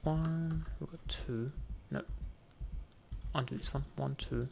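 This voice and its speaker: A man's voice: a little high, steady tone, slow, gravelly, a little mellow, a little hiss or hum. A man giving gameplay commentary, thinking aloud and muttering counts to himself as he plays. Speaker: gaming channel host.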